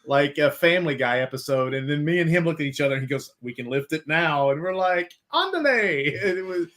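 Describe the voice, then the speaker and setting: A man hosting a casual podcast chat, animated and laughing often. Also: fairly high pitch, fast talker. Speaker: podcast host.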